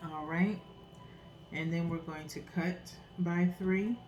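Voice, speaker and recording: On a muffled recording with a noisy background, a tarot reader speaks slowly in a lowish, steady voice. She reads casually and earnestly, encouraging listeners and ending phrases with a questioning "okay?", her delivery loose and rambling with restarts.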